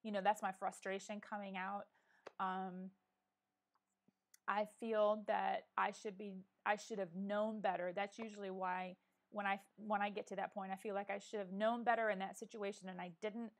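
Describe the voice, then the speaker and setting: A woman's voice: medium pitch, flat delivery, normal speed. A middle-aged woman hosting a casual live chat, talking earnestly and encouragingly straight to her viewers. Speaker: live-stream vlogger.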